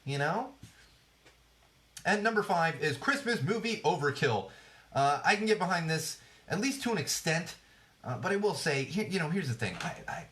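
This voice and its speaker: A slightly high, fairly bright voice belongs to this podcast host in his thirties, recorded on a podcast mic. He sarcastically and loosely discusses TV trends, with frequent fillers and restarts.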